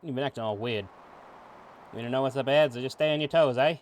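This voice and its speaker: A man's voice: medium pitch, fast, slight background noise, close to an everyday voice. Man doing a brash young Australian girl thief. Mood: cocky. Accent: put-on Australian. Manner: casual, cheeky slang.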